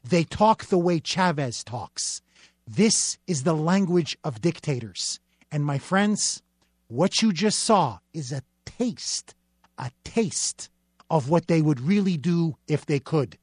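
A man hosts a talk radio show with a high, pointed voice, building an emphatic and indignant monologue. He is recorded close and dry in the studio, with no room sound around him. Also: animated, slow, slightly rough, no room sound.

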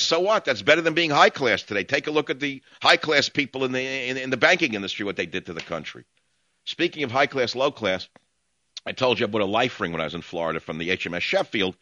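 A man's voice: medium pitch, pushed and bright, no echo, lo-fi sound. A man with a New York accent hosting call-in talk radio, ranting in a brash, sardonic, rambling way.

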